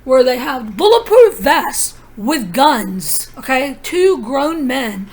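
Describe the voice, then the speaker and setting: High-voiced woman telling an urgent story. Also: sing-song, takes it slowly. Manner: urgent, conspiratorial storytelling with many asides. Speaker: vlogger. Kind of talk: rambling personal monologue.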